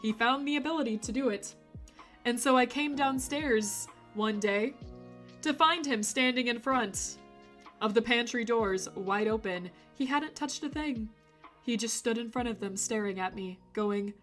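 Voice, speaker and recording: Female streamer, casual chat; bright, slightly high voice, quick to laugh, soft music underneath. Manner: giggly, laughs often between remarks; playful, rambling storyteller.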